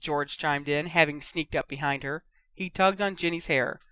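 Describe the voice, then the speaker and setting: An audiobook reader narrating a fan fiction story aloud, voicing each character in a lively way. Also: medium pitch, normal speed, smooth.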